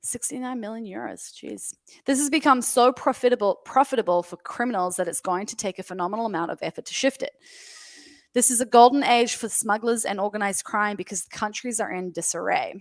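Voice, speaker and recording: A woman's voice: medium pitch, brisk, no echo. An Australian woman reading a news article aloud as a podcast guest, laughing often between lines.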